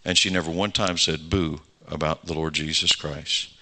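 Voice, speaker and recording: A man, preaching a sermon. He tells stories and voices their dialogue, then presses his point with fervent calls to the congregation. His voice is very bright and forward. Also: extremely low pitch, steady tone, moderate pace. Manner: storytelling preacher, acts out dialogue, rising to fervent exhortation. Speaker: pastor.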